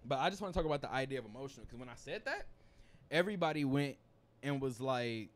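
A man's voice: medium pitch, lively intonation, fast. A man hosting a podcast, talking in a loose, rambling, profane way while telling stories to friends in a room. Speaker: podcast host. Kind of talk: casual podcast chat. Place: indoor studio room with friends.

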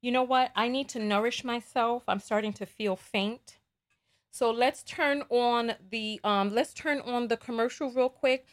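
A woman's voice: a little high, steady tone, unhurried. A woman with a New York accent hosting a livestream talk show, chatty and sassy, reading out viewer donations and laughing often.

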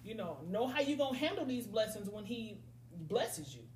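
Animated woman telling stories in an echoey room. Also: fairly high pitch, normal speed. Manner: animated storytelling, acts out friends' voices. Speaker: podcast host. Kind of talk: casual podcast chat. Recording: echoey room, faint noise.

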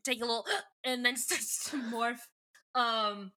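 Woman podcast host rambling thru a book recap, bright voice, kinda high. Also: fairly even intonation, takes it slowly. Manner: rambling, many fillers and self-corrections. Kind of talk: casual book recap chat.

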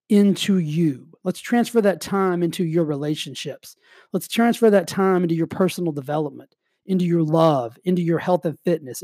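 An energetic man delivers a motivational talk in a casual, rambling way, with "like" dropped through his sentences. His voice is dark and mellow, recorded dry and close, with a slight cough in the background of his health. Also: fairly high pitch, no echo. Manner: energetic, casual, heavy use of "like". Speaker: motivational speaker. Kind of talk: motivational monologue.

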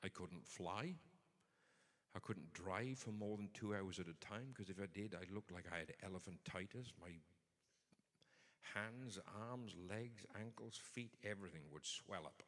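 A man's voice: on the low side, unhurried, big-room sound. A man preaching a sermon in a conversational but emphatic way. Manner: conversational, emphatic, builds to forceful points.

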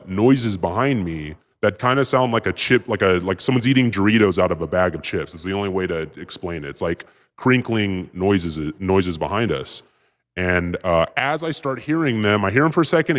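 A man telling a story as a podcast guest, rambling and profane, with excited bursts. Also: sits low. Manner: profane, rambling, with filler words; excited bursts when retelling action. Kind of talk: casual storytelling.

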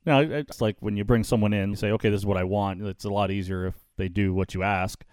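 A man's voice: fairly low pitch, fairly even intonation, quick pace, darkish tone, dry recording, clean studio sound. A man hosting a podcast, telling stories in a rambling way with many restarts and fillers. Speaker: podcast host. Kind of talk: casual podcast chat.

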